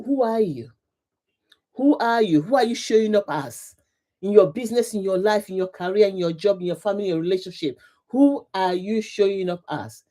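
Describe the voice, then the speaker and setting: Warm-voiced woman hosting a motivational livestream. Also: mid-range voice. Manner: repetitive, emphatic, greets viewers, laughs often. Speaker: livestream host, coach. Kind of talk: live motivational talk.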